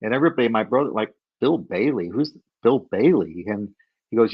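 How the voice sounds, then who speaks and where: A middle-aged man telling a story as a podcast guest, animated and acting out the voices of people he quotes. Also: mid-range voice, brisk, slightly rough, no echo, muffled recording.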